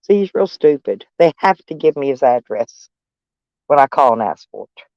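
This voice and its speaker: A woman's voice: extremely low pitch, big pitch swings, normal speed, darkish tone, dry recording, highs cut off. Brash older woman ranting. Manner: brash, profane, laughing taunts. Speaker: livestream host. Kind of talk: casual livestream rant.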